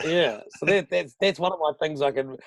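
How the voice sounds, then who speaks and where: A man's voice: a little high, a little fast, creaky. A man with a New Zealand accent, a radio host guesting on a podcast, chatting casually and swearing freely as he rambles. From New Zealand, Southland. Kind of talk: casual chat.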